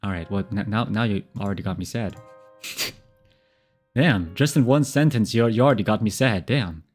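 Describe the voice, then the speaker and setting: A man's voice: lowish voice, normal speed, faint music behind. A man streaming live, casually reading viewer messages and giving relationship advice with lots of laughing asides. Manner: animated, laughing, chatty asides.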